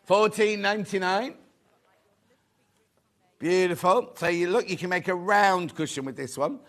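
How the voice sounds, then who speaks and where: A man's voice: sits high, a little slow, fairly bright tone. A man presenting a live sewing shopping show, chatty and reading out viewer comments. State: out of breath. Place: TV studio.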